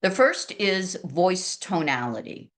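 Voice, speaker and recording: Loud, chatty woman real estate trainer. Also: fairly low pitch, slow pace. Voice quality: loud, with a big outdoor voice. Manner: lively, chatty and self-deprecating. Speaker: real estate agent sharing sales training. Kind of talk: training talk to colleagues.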